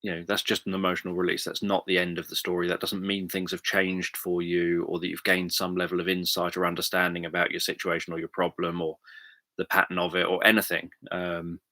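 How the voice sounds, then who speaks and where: A man's voice: deep voice, monotone, brisk, bright, forceful tone, dry recording. A man, a hypnotherapist chatting casually on a livestream, thinking aloud with many fillers. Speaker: hypnotherapist answering viewer questions.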